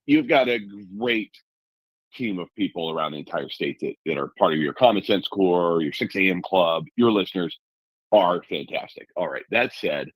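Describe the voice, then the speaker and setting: A man from Alaska with a very deep, husky voice, speaking as a talk show guest. He tells his story with energy and colorful comparisons, and the recording is dry and close. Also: animated, normal speed, no room sound, poor audio. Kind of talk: conversational interview.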